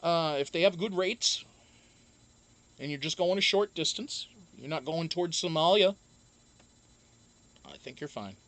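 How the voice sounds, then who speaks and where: A livestream host in loose, casual chat, swearing often and breaking into laughter. The pitch swings widely from low mutters to sudden high exclamations, and the talk is full of ums and restarts. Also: animated, unhurried, pauses often, fairly bright tone. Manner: profane, joking, laughs often, trails off with ums. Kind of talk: casual livestream chat, reading viewer comments.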